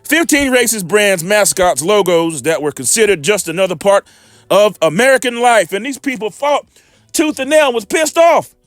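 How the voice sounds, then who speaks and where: A man's voice: sits high, lively intonation, moderate pace, fairly bright tone, no room sound, soft background music. A man preaching informally on scripture, heated and profane, with rambling asides.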